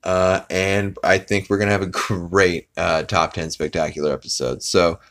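A man with a very low, deep voice hosts a podcast. He recaps a cartoon episode in a loose, rambling way and laughs along at the jokes. His talk is full of fillers and restarts. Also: little pitch movement, normal speed, gravelly, fairly bright tone. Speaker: podcast host.

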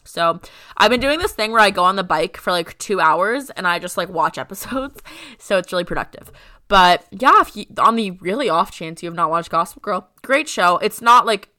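Bright-toned young woman, easygoing chat. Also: mid-range voice, normal speed. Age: young adult. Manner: relaxed and chatty, laughs often, steers the conversation. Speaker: podcast co-host. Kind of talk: casual chat.

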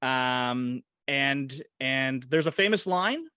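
A podcast co-host talks through movies in a casual, chatty way, hesitating, restarting sentences and laughing often. His mid-range voice is pushed and bright with lively intonation, and he takes it slowly. The studio sound is clean, with no room sound.

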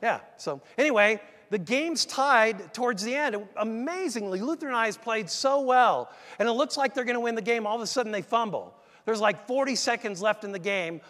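A middle-aged man preaching a sermon, telling a story in a lively, conversational way and speaking straight to the congregation. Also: very high-pitched. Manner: animated, conversational, addresses the congregation directly. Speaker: pastor. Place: large church. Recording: echoey church hall.

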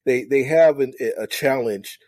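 A man's voice: medium pitch, unhurried, a little mellow, dry recording. A man hosting a podcast, asking questions in a hesitant way with frequent restarts. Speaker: podcast host. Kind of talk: interview questions.

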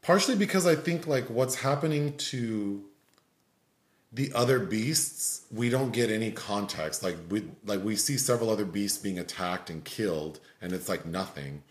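Man, film reviewer, casual chat, rambling with fillers, lowish voice, echoey room. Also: lively intonation, normal speed. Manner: rambling, filler-heavy critique. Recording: roomy echo.

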